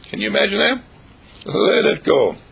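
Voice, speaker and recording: A man delivers a rambling inspirational radio talk, repeating his phrases with theatrical flair. His voice is bright and forceful yet deeply raspy, with gravelly fry at the bottom. His pitch leaps and swoops in a very lively way. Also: moderate pace, muffled recording. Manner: repetitive, theatrical, breaks into song snatches. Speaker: spiritual radio host.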